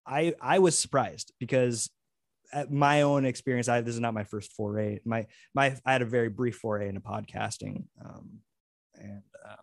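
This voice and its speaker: A man speaking as a podcast co-host in casual chat, earnest and full of restarts. His voice sits at a middling pitch, recorded close and dry with no room sound. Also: fairly even intonation, moderate pace, vocal fry, no room sound. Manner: rambling, many restarts, earnest.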